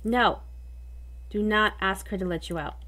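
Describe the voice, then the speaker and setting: Bright-voiced woman ranting over her game. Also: mid-range voice, soft background music. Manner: exasperated, dramatic, quick to excitement. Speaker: let's play host. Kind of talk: casual game commentary.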